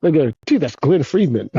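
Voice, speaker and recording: A man chatting as a podcast guest, telling excited stories with lots of swearing. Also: measured pace, slightly rough, dry recording, lo-fi sound. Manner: excited storyteller, swears a lot, animated swings in pitch. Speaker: podcast guest, former pro skateboarder. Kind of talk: casual interview chat.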